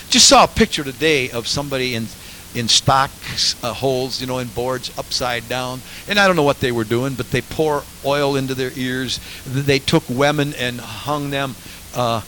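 A male pastor preaching a sermon emphatically, swinging from low, quiet phrases to shouted exclamations. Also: slight background noise, poor audio.

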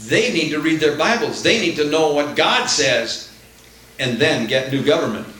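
A man's voice: fairly high pitch, moderate pace, pushed and bright, very echoey, poor audio. A man preaching a sermon with fervent, rising emphasis.

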